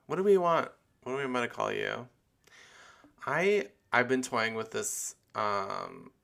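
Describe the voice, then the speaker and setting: A man's voice: medium pitch, wildly swooping pitch, measured pace, gravelly, bright, forceful tone. A man hosting a casual solo podcast, rambling with many fillers and restarts. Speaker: podcast host.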